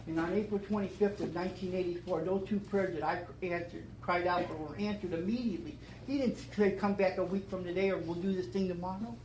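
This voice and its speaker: A man's voice: high-pitched, steady tone, fairly quick, hardly any pauses, a little mellow, reverberant, a little hiss or hum, low-quality recording. An older man giving an emotional recovery talk at a meeting, stumbling and restarting as he tells his story. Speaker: AA speaker.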